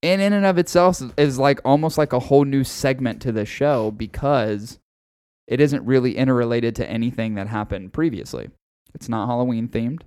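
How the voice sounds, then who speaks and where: A man's voice: medium pitch, normal speed, darkish tone, clean tone, no echo. A man hosting a casual podcast, rambling and swearing freely and often breaking into laughter. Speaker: podcast host.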